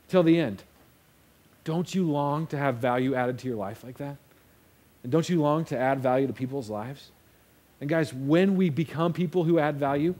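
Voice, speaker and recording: High-voiced young male preacher. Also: mellow. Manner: casual storytelling, acts out quotes. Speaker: pastor. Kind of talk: sermon.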